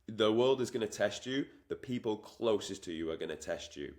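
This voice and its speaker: Man, low-pitched, emphatic fitness coaching, repeats himself, acts out inner voices. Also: lively intonation, moderate pace, darkish tone. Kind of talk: motivational talk to camera.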